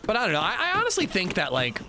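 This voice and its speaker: A man's voice: high-pitched, huge pitch swings, fast, pushed and bright. A man streaming a game, chatting casually and rambling, with lots of filler words. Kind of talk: casual livestream gaming commentary. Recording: noisy background hiss.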